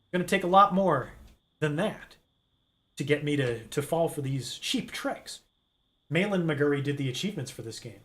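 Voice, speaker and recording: A man's voice: fairly high pitch, expressive, normal speed, a bit bright. A man giving rambling, joking commentary while playing a horror game. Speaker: gaming streamer. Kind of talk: let's play commentary.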